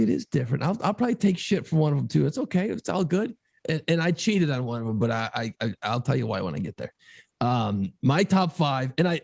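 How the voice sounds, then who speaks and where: Gravelly-voiced man chatting casually. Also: medium pitch, darkish tone, dry recording, clean studio sound. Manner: rambling, easygoing, swears casually. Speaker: podcast co-host. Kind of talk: casual chat about movies.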